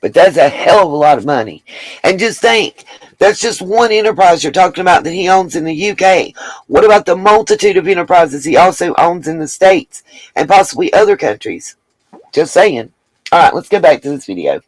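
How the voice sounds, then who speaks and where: A woman's voice: lowish voice, expressive, normal speed, no echo, low-quality recording. A woman hosting her own vlog, chatting casually to viewers and apologizing as she goes. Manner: chatty, apologetic asides, addresses viewers as y'all. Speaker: vlogger host.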